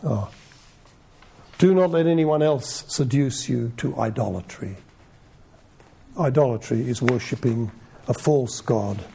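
A man giving an informal Bible teaching in a conversational way, full of rhetorical questions and lively asides. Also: medium pitch, a little slow, gravelly, pauses often, slight background noise.

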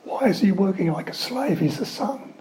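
Man, preacher, sermon, mellow tone, fairly high voice, lively storytelling asides. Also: moderate pace, poor audio.

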